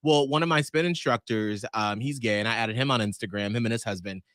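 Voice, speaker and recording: Podcast guy in his 40s, bright and chatty, dry close sound, jumps into squeaky voices when he tells a story. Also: fast talker, dry recording. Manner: animated storyteller who acts out people in shrill high voices. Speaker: podcast co-host. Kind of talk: casual chat.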